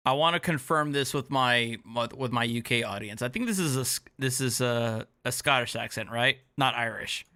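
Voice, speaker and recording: Male commentary host, sarcastic and explanatory, bright voice, dry close mic. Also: medium pitch, normal speed, hardly any pauses, no room sound. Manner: sarcastic asides, explaining patiently. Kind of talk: casual reaction commentary.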